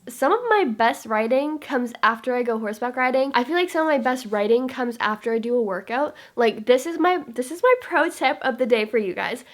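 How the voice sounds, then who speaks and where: A young woman with a fairly high voice talks to the camera in a book vlog. She is chatty and bubbly and wanders from topic to topic. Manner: bubbly and chatty, drifts off topic, reads aloud with emotion. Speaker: book vlogger. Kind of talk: casual chat to camera.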